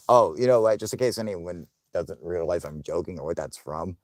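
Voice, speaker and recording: A young man hosting a casual livestream, swearing often, laughing, and loudly thanking viewers for donations. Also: sits low, expressive, normal speed, hardly any pauses, dry recording, clean studio sound. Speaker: livestream host.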